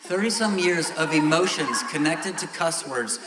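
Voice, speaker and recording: A man's voice: fairly high pitch, animated, moderate pace, a crowd in the background. Emphatic male pastor in an echoey church. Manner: candid, building to loud emphatic exclamations. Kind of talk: sermon. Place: church sanctuary.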